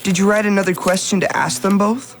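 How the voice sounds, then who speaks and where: A woman's voice: mid-range voice, fairly even intonation, a little fast, a little hiss or hum, natural voice. A woman voicing a loyal, earnest teenage boy who helps out, in a children's radio drama. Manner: earnest, supportive.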